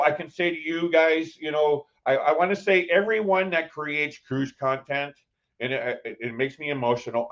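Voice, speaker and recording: A man's voice: a little high, highs cut off. A man live-streaming a casual chat from a cruise ship, rambling with lots of fillers and restarts. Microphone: phone.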